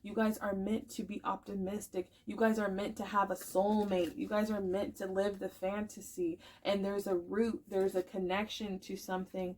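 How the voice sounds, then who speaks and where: A woman's voice: mid-range voice, little pitch movement, normal speed, few pauses, a little mellow, slight background noise. A woman giving a casual tarot card reading to her viewers, chatty and emphatic, emotional and encouraging, full of filler words. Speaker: tarot reader.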